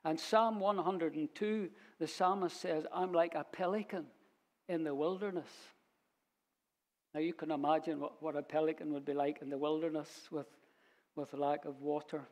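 A man teaching a Bible sermon in a church, unhurried and storytelling as he quotes verses. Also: a little high, steady tone. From Scotland. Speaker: preacher.

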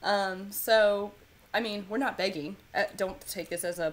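A woman's voice: medium pitch, fairly even intonation, measured pace. A woman co-hosting a live whiskey tasting stream, chatty and rambling. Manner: chatty, rambling, upbeat with laughs. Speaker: co-host. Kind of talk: casual live tasting chat. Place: home in Kentucky.

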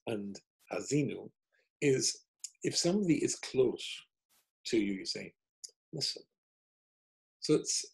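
A man's voice: medium pitch, gravelly, darkish tone, rough recording. A man, a rabbi, giving a chatty online Torah lesson over a video call, thinking aloud as he works through the text on a shared screen. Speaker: rabbi teaching a weekly Torah class.

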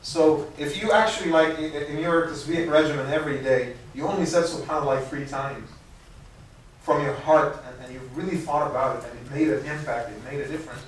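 A man's voice: fairly high pitch, steady tone, fairly quick. A man, an imam, giving a conversational religious lecture and answering audience questions, often restarting and repeating words. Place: university lecture room. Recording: echoey room from far off, faint noise.

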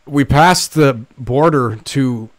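A man's voice: mid-range voice, takes it slowly, no echo, studio quality. A young man co-hosting a podcast, telling rambling stories in casual chat, swearing freely and mimicking accents. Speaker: podcast co-host.

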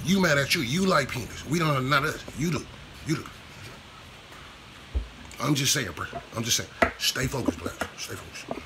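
A man's voice: mid-range voice, expressive, moderate pace, long pauses, background noise. A man vlogging a casual commentary rant, profane and repetitive in his street slang.

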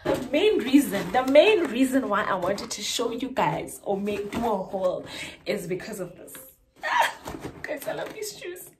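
A young woman, chatting casually and excitedly about clothes she bought, gushing and slangy. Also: fairly high pitch, moderate pace, noisy background. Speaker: vlogger and school teacher. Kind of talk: casual haul chat.

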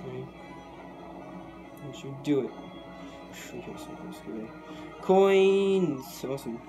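A young man giving live gameplay commentary, excitable and quick to vent frustration at the game. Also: mid-range voice. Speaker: gaming YouTuber. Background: game music.

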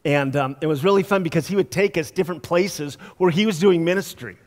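A male pastor giving a conversational storytelling sermon, laughing often and dropping soft for emphasis. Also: on the high side, a little fast. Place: church sanctuary. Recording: long church hall reverb.

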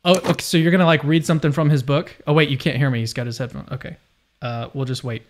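A man's voice: fairly high pitch, steady tone, fast talker, slight background noise. A young adult man hosting a casual video discussion, chatty and enthusiastic with frequent restarts. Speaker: host.

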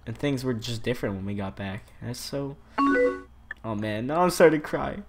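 A young man hosting a let's play, joking and reading chat messages aloud in an animated voice. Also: mid-range voice, a little fast. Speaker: gaming channel host. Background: loud game music.

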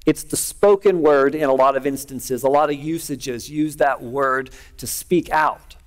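A man's voice: mid-range voice, measured pace. A middle-aged man preaching a sermon, telling a personal story in an earnest, conversational way. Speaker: pastor.

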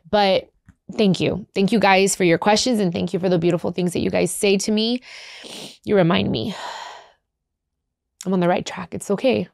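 A woman's voice: medium pitch, moderate pace, creaky, a little mellow, dry recording, clean studio sound. A woman hosting an advice podcast, talking in a candid, chatty way and mixing in Spanish phrases. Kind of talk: casual chat.

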